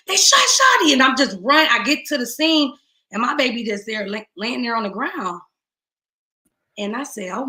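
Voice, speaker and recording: A middle-aged woman giving a raw, emotional personal testimony. She swings between tearful hushed moments and rising outbursts. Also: on the high side, echoey room. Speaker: guest speaker.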